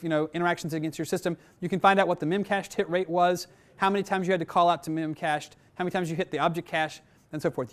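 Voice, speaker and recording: A man teaching a technical class, talking conversationally with frequent "right?" checks and filler words, addressing his students directly. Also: high voice. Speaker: instructor. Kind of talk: technical training lecture.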